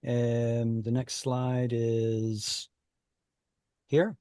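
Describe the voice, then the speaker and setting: Slow, dry-voiced male Hebrew teacher. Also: mid-range voice, flat delivery, mellow, no room sound. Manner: explains patiently, thinking aloud with pauses. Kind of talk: online class lesson. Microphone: video call.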